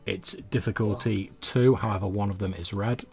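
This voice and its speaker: A man narrating a tabletop space adventure as game master, in a measured, descriptive way. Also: lowish voice, steady tone, creaky, a little mellow, breathy edge.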